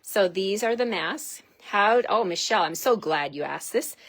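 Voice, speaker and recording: A woman hosting a live craft demonstration, chatty and excitable, gushing over each product as she unpacks it. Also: mid-range voice, normal speed.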